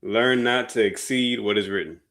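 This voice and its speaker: Lower-voiced man reading scripture. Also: normal speed, fairly bright tone. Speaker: scripture reader. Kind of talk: reading Bible verses aloud.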